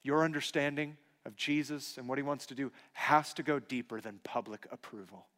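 A man in his thirties preaching a sermon, telling personal stories earnestly and dropping to a hushed voice for emphasis. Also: mid-range voice, fairly even intonation, moderate pace. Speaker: pastor. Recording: long hall reverb.

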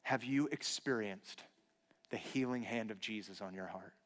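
A man in his thirties preaching a sermon, telling personal stories earnestly and dropping to a hushed voice for emphasis. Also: fairly low pitch, normal speed. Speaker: pastor. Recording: long hall reverb.

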